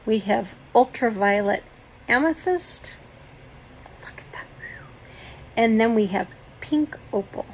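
Woman beauty vlogger, slightly high voice with a gravelly edge, unhurried chatty delivery, faint room noise. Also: animated, rough recording. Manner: chatty, gushing over products. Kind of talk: casual makeup collection walkthrough.

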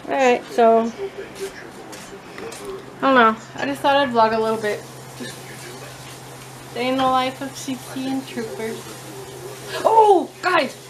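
A woman filming herself at home, telling a story-time vlog in a chatty, animated, blunt way. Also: high voice, a little slow, long pauses, a crowd in the background. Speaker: vlogger. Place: at home with her cats. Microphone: own phone or camera, self-filmed.

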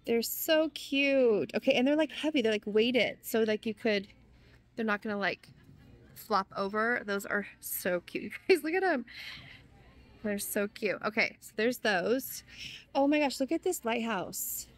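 Young woman vlogger, bubbly and excitable, talking through a shopping walk-through in a large store. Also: fairly high pitch, measured pace. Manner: gushing, gasping with delight. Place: inside a large retail store.

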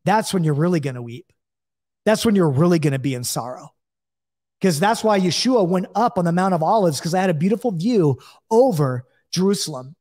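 A man's voice: sits high, lively intonation, fairly quick, darkish tone. Conversational male Bible teacher, reverberant room. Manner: conversational, checks in with listeners, acts out quoted voices. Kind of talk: Bible teaching, reading and explaining scripture.

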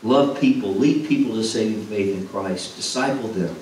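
A man's voice: fairly low pitch, normal speed, a little mellow. A man preaching a sermon as a former pastor, earnest and repeating phrases for emphasis. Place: church sanctuary. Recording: echoey hall, from far off, faint noise.

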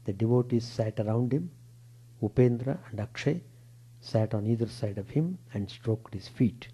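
A monk reading a scriptural account aloud in a temple lecture, measured, with rises on quoted words and a low drop on narration. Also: male voice, dark tone, breathy edge, low-quality recording. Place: temple hall.

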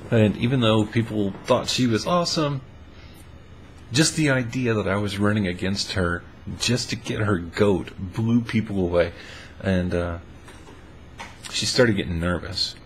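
Chill guy telling a story, lowish voice, lots of uh's, faint hiss behind. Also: measured pace. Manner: laid-back and amused, lots of "uh" fillers. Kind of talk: casual personal storytelling.

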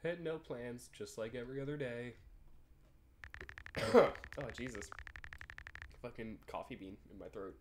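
Speaking at medium pitch over background noise, a young gaming YouTuber takes his time with long pauses. He gives casual let's play commentary on a texting game, rambling and joking with frequent swearing and laughter.

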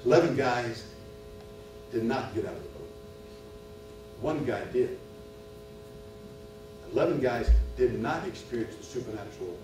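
A man delivers an impassioned sermon, circling back over his phrases and rising in pitch and force as he presses his point. His voice sits at a middle pitch and comes from well off the mic, wrapped in heavy hall echo with faint music underneath. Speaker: preacher at a men's retreat. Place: church hall or retreat room. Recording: echoey hall, far from the mic.

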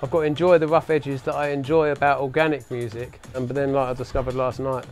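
A man of ordinary pitch talks in a loose, chatty way as an interview guest. He laughs often and breaks into mouth-made sound effects as he talks. Faint music plays quietly behind his voice. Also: level tone, fast talker. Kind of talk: casual interview chat.

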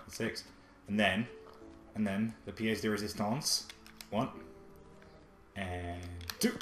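Young let's-player, excitable and chatty, lowish voice, roomy echo, faint music under. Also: male voice. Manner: excitable, chatty, talks to his pet and viewers. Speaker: let's play gamer. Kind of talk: excitable gameplay commentary. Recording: echoey room with faint music.

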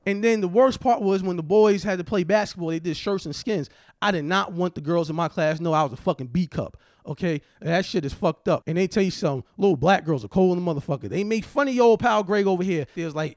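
Brash high-voiced man doing stand-up. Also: fast talker, a little mellow, no room sound, studio quality. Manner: brash, profane, acts out quoted voices. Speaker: stand-up comedian. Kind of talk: stand-up comedy set.

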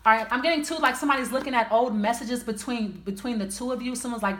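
A woman's voice: a little high, fast, few pauses, a bit bright, a little hiss or hum. A woman doing a casual tarot reading, blunt and profane, thinking aloud as she pulls each card. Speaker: tarot reader. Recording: roomy echo.

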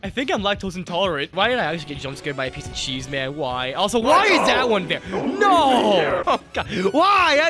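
A man's voice: high voice, sharp tone. A man giving joking, jumpy let's play commentary, yelping and laughing as he plays, recorded on a close mic with game music behind. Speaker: gaming YouTuber.

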